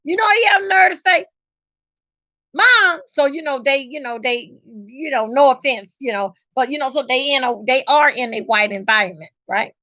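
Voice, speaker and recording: Bright, high-voiced middle-aged woman telling stories. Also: fairly quick, few pauses, no echo. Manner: animated, emphatic, salty with cursing. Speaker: vlogger. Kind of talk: casual storytelling. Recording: dull lo-fi recording.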